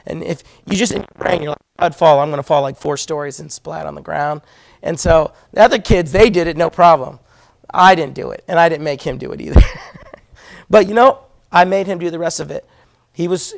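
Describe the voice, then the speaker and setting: A man, teaching a Sunday school class in a church classroom. He talks in a conversational, storytelling way and asks the class questions. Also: high voice. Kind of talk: conversational Bible lesson.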